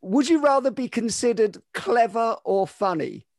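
A man hosting a podcast, firing off short, brisk interview questions. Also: very high voice, lively intonation, a little mellow, dry recording, clean studio sound. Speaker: podcast host. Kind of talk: quick-fire interview questions.

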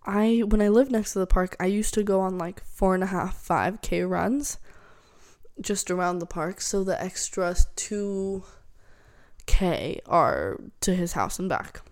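A woman's voice: mid-range voice, a little slow, darkish tone. A young woman hosting her own podcast, chatting casually and rambling with lots of fillers. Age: young adult. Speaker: podcast host. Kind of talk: casual solo chat.

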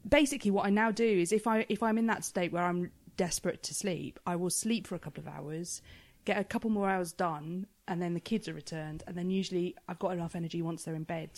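A woman's voice: on the low side, steady tone, fast talker, hardly any pauses. A woman, a writer and mother, chatting casually on a podcast, chatty and self-deprecating, often laughing and acting out her anecdotes. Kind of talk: casual chat.

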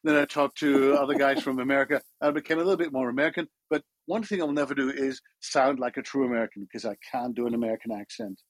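Husky Dutch man, chatty storyteller. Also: medium pitch, fairly even intonation, fast, few pauses, no echo. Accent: Dutch-tinged English with British traces. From Netherlands. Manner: chatty, self-deprecating storyteller with stammered restarts. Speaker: panel guest, voice actor. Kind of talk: casual panel chat.

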